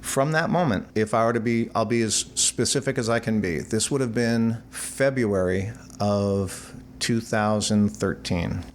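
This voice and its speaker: Older male musician guest, animated storyteller who acts out the people in his anecdotes. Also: fairly low pitch, unhurried, few pauses, a little hiss or hum. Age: 60s. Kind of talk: storytelling interview.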